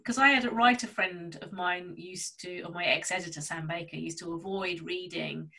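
Bright-voiced woman chatting on a video call. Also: on the low side, steady tone, moderate pace, creaky, rough recording. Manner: chatty, laughs often. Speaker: author interviewing a fellow author. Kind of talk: casual chat.

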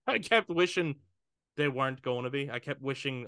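A man's voice: medium pitch, expressive, moderate pace, fairly bright tone, no echo, studio quality. A man co-hosting a podcast in casual chat, acting out his own thoughts, swearing and laughing. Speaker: podcast co-host.

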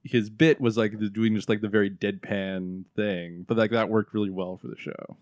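A man's voice: lowish voice, fairly even intonation, moderate pace, darkish tone, no room sound, muffled recording. A man co-hosting a casual podcast, rambling with many fillers. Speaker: podcast co-host. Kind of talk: casual chat.

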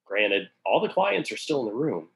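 Low-voiced man telling a casual story. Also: very animated, moderate pace, vocal fry, a bit bright, poor audio. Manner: casual, profane, acts out quoted voices. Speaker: guest telling a work story.

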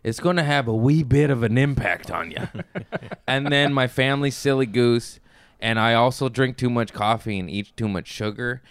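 A man's voice: medium pitch, moderate pace, clean tone, no room sound. A man in his thirties, a guest on a podcast, chatting casually and rambling with lots of laughter and silly energy. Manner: goofy, laughing often, rambling. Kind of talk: casual comedic chat. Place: podcast studio.

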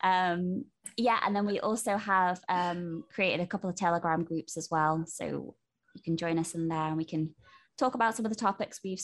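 A woman's voice: lowish voice, normal speed. A woman co-hosting a podcast, chatting casually and wrapping up the episode. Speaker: podcast co-host. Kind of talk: casual chat.

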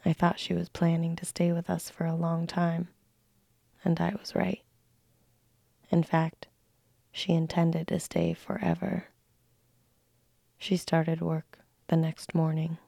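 Husky whispering storybook narrator, woman. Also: lowish voice, monotone, dry recording, studio quality. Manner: soft, slow, unvoiced whisper. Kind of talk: whispered role-play, storybook reading.

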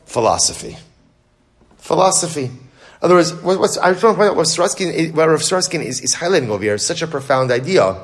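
A man teaching a Torah class in an animated lecture style, asking questions and answering them himself, quick bursts of speech and frequent restarts. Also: fairly high pitch.

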